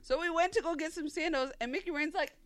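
A woman in casual podcast chat, telling animated stories, acting out quotes and laughing often. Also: very high-pitched, fast talker.

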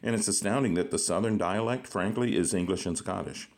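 A man's voice: sits low, a little fast. A man hosting a podcast interview, joking and telling stories with frequent laughter. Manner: jokey storyteller, laughs often. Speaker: podcast host. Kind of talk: casual interview chat.

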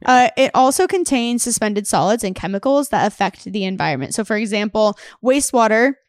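A woman's voice: fairly high pitch, animated, a little fast, no room sound, studio quality. A woman with a Southern US accent co-hosting a podcast, explaining things bluntly in a jokey, casual chat. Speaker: podcast co-host.

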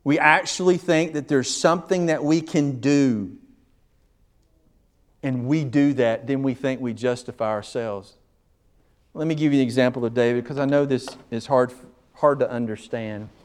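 This pastor's sermon is emphatic, full of repeated phrases, moving from quiet to forceful and back. He speaks at normal speed in a medium-pitched voice.

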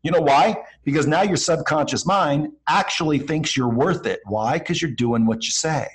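Speaking at a normal speed with a somewhat high voice, a man guests on a podcast, and the recording quality is low. He offers blunt, slang-heavy motivation in a casual chat, performing little pieces of dialogue while talking.

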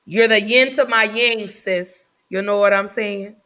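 A woman hosting a casual live podcast, talking in an effusive, affectionate way with drawn-out phrasing. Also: mid-range voice, fairly even intonation, fairly bright tone, rough recording. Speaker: podcast host.

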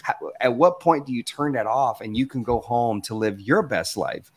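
A man from the American South gives a motivational talk from his office over a video call, middle-pitched and easygoing. He speaks animatedly and conversationally, acting out the voices he quotes. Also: expressive, moderate pace, breathy edge. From Southern United States. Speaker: guest speaker.

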